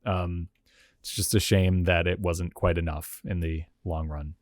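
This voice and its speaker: A low-voiced man speaks at a measured pace and fairly even intonation, with clean studio sound and no room sound. Hosting a casual reaction video, he reacts to and analyzes retro game ads, thinking aloud with frequent "like" and "you know" and little chuckles in between.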